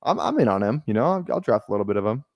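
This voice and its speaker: A man's voice: on the low side, very animated, rapid-fire, darkish tone, no echo. A young man casually commenting on a live fantasy football draft stream, rambling, repeating himself and swearing freely.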